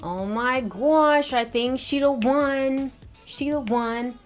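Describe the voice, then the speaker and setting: A woman beauty vlogger with a slightly high voice, talking in a sassy, slangy, chatty way. Faint music plays softly behind her. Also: takes it slowly. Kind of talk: casual beauty vlog.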